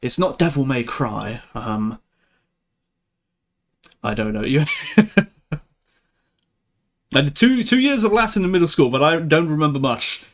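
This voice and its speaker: A man's voice: fairly high pitch, very animated, a little slow, pauses often. A young man hosting a live stream, chatting casually with viewers, laughing often and restarting his sentences. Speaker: livestream host.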